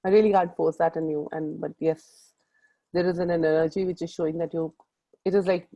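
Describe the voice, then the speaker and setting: A middle-aged Indian-accented woman coaching a group over a call. Her voice is soft and mellow, and she talks in long, earnest, rambling runs, often calling out to her listeners directly. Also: on the low side, steady tone, fairly quick, muffled recording. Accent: Indian English. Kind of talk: motivational group call talk.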